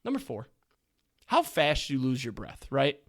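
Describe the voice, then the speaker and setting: A man's voice: mid-range voice, huge pitch swings, measured pace. Young man, podcast host, casual solo chat, joking, crude humor, rambling.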